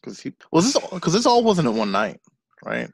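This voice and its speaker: A man's voice: on the high side, wildly swooping pitch, fairly quick, creaky, a crowd in the background. A man co-hosting a podcast, chatting casually about a movie with sarcastic, profane jokes. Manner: sarcastic, profane, joking asides. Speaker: podcast co-host. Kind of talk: casual chat reviewing a movie.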